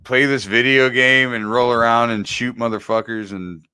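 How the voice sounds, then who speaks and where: A man's voice: medium pitch, steady tone, moderate pace, sharp tone, smooth, dry recording. A man in his forties co-hosts a podcast, swearing freely as he tells candid, personal stories. His voice sits mid-range. The sound is dry and close to the mic. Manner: profane, candid storytelling. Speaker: podcast co-host. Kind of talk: casual podcast chat.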